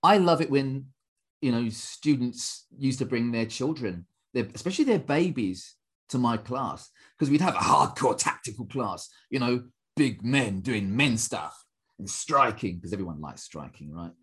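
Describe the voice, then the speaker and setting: A man's voice: mid-range voice, a little slow, husky. A man, a martial arts instructor telling stories in a casual podcast chat, acting out quotes in different voices and laughing often. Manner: animated storyteller, acts out quotes in varied voices, laughs often.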